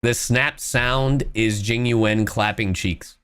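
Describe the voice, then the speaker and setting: A woman's voice: extremely low pitch, fairly even intonation, takes it slowly, clean tone, soft background music. A young woman streaming live, ranting in exasperation with lots of swearing while she reads out and answers her chat. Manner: reads viewer chat and thanks subscribers.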